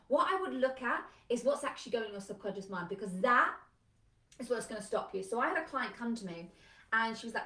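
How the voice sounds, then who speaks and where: A woman business coach giving an energetic, emphatic live talk, chatty and full of "like". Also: mid-range voice, a little fast. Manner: energetic, emphatic, conversational with lots of "like". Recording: echoey room, a bit far from mic.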